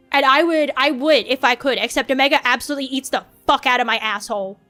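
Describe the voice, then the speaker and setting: High-voiced rambling woman streamer. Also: fast talker, few pauses, pushed and bright, soft background music. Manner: rambling, profane, self-mocking. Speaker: VTuber streamer. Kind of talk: casual stream chat.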